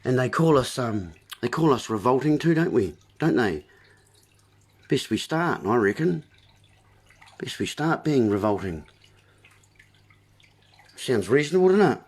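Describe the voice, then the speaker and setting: A man's voice: mid-range voice, sing-song, a little slow, long pauses, husky. A man hosting a livestream, giving a rambling, preachy wordplay monologue with asides to his viewers. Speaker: livestream host.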